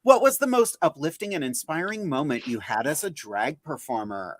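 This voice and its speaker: A man hosting a podcast, casual and jokey, animated and quick to laugh. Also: a little high. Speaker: podcast host. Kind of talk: casual chat.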